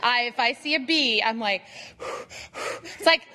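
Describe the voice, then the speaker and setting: A woman in her thirties or forties speaks slowly, her voice on the high side, in what sounds like a big room. She tells her Bible study group a funny personal story, animatedly mocking herself and acting out her grumbling and asides.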